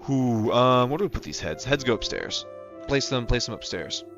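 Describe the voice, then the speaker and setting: A man's voice: mid-range voice, lively intonation, normal speed. A young man chatting casually on a livestream, rambling with lots of fillers and restarts. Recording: dull lo-fi sound with faint music behind.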